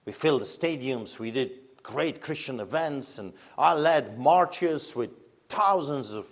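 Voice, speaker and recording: A man's voice: medium pitch, expressive, measured pace. A man with a Polish accent, a pastor, telling his story in an interview with emphatic, fiery delivery and pointed rhetorical questions. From Poland.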